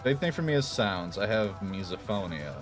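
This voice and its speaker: A man chatting casually on his stream, explaining things slowly with many fillers and restarts. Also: on the low side, very animated, over music.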